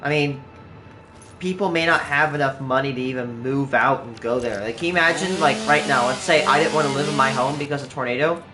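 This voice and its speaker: A man's voice: mid-range voice, a little fast. A man chatting casually on a livestream while he plays, rambling with lots of "like" and restarts. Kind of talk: casual chat while playing a game on stream. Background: clear background music.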